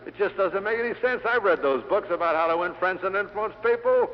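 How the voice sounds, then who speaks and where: A man's voice: sits high, animated, brisk, slight background noise. Middle-aged man telling punchy sales stories. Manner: punchy storytelling with dry humor. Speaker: sales lecturer. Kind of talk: after-dinner sales speech with anecdotes. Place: lecture hall with an audience. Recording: dull 1960 LP of a hall speech.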